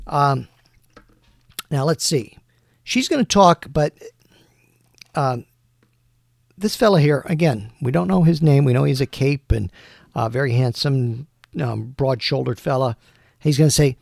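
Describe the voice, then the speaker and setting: A man narrates his own solo tabletop game and thinks aloud as he rolls dice. His voice is slightly high and gravelly. The recording is close and dry, with no room echo. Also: expressive, unhurried. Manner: thinks aloud, many fillers.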